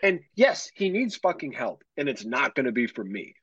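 Man in his thirties, podcast co-host, casual profane storytelling, husky, dry dull sound. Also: medium pitch, big pitch swings, moderate pace, fairly bright tone, no room sound. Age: 30s. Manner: rambling profane storytelling, many fillers. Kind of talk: casual chat.

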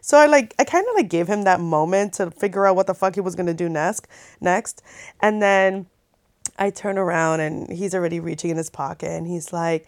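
A woman's voice: on the low side, normal speed, no echo, clean studio sound. A woman in her thirties telling a story in a casual, chatty vlog, full of fillers and swearing. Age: 30s. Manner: chatty, animated, many likes and swears. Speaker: vlogger.

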